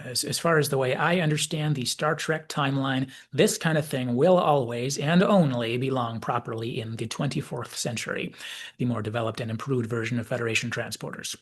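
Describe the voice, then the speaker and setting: A man with a husky, slightly breathy voice talks through a story in a thoughtful analysis. He muses aloud at a middling pitch and now and then sinks into a soft whisper. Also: moderate pace. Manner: reflective, musing, drops into soft whispers at times. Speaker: video essayist.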